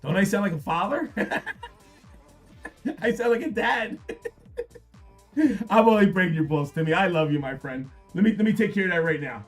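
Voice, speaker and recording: A man hosting a live card-break stream, repeating prices and hyping the product in an upbeat sales pitch. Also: lively intonation, fast, faint music behind. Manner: upbeat, repetitive hype.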